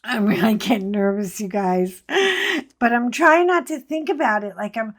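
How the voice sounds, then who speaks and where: A woman's voice: medium pitch, normal speed. A woman hosting her own show, telling a rambling, playful story with asides to her viewers. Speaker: host. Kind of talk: casual storytelling rant.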